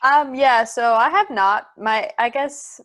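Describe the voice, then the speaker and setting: A woman's voice: fairly high pitch, slow pace, a bit bright, no echo. A young woman co-hosting a podcast, talking casually and a little hesitantly with many fillers. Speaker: podcast co-host. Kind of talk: casual chat.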